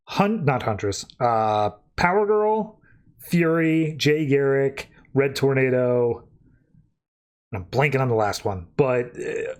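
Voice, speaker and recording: A young adult man on a podcast, casually recapping a comic in a loose, rambling way and jumping into quick voices for quoted lines. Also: medium pitch, smooth. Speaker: podcast co-host.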